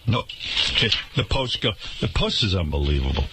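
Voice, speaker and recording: A man's voice: low voice, big pitch swings, moderate pace, background noise. Guy on talk radio going off, sarcastic and fed up, voice swings all over. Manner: indignant, sarcastic ranting. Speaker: radio show host. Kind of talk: radio talk show rant.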